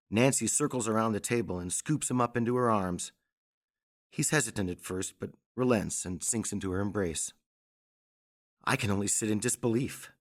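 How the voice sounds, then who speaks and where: A kind, rational scientist in middle age narrates an audio drama. He speaks gently and with measured care, in a fairly low voice.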